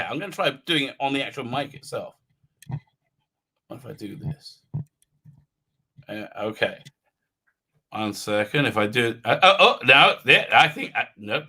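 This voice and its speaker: A man hosts a live stream, rambling with many fillers and restarts as he reads out viewer comments and fiddles with his mic. His voice is on the high side, pushed and bright with a breathy edge, and the desk mic's level is unsteady.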